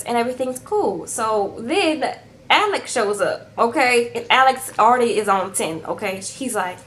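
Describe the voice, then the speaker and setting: A woman recapping a reality show in a chatty, sassy way, tagging her sentences with "okay?". Her voice sits a little high, and faint noise hums in the background. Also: lively intonation, moderate pace, fairly bright tone. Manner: talks to viewers as "girl". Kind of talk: casual recap chat.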